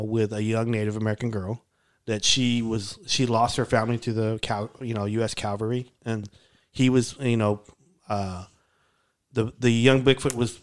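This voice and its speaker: A man hosting a casual chat, talking in a rambling way with many fillers and restarts. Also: mid-range voice.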